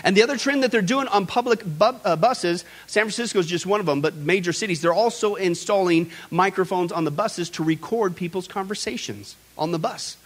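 A man's voice: high-pitched, a little fast, few pauses, a bit bright. A male host giving emphatic, preaching commentary and often addressing his audience directly. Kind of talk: preaching commentary on current events.

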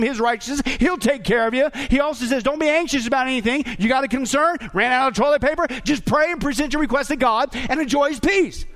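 A man preaching a sermon in an animated way, rising to shouts at the climaxes. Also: very high-pitched. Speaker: pastor.

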